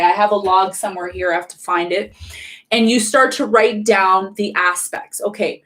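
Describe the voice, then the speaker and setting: A woman hosting a live astrology channel, talking quickly and with emphasis, repeating key phrases and putting questions to her viewers. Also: medium pitch, fairly bright tone. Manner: fast-talking. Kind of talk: live-streamed casual teaching.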